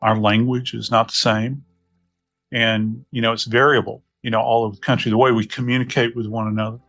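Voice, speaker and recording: A middle-aged man from New Orleans with a Southern US accent, a podcast guest telling reflective stories in an unhurried, folksy way. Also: medium pitch, little pitch movement, a bit bright, soft background music. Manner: unhurried, folksy, many "you know" asides. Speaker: podcast guest, death investigator. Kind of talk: reflective storytelling conversation.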